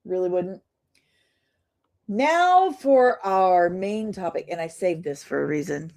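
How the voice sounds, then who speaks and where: A woman's voice: fairly low pitch, lively intonation, slow pace, a little mellow. A woman hosting a casual live stream, chatting to viewers and reading aloud from a post. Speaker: host.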